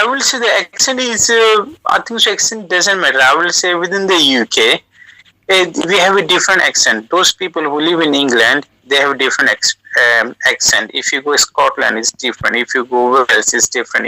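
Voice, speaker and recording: A guest on an audio call, a man living in the UK whose first language is South Asian, hands out casual language advice. His medium-pitched voice is sharp and forceful, slow and halting, peppered with uh fillers and restarts. The low-quality audio is dry and close with no room sound.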